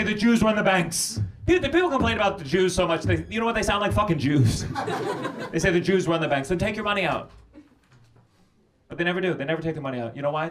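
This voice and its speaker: Brash foul-mouthed male stand-up comic. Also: a little high. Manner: brash, profane, teasing the audience. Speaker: stand-up comedian. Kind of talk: stand-up crowd work. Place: comedy club stage. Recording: noisy live club recording.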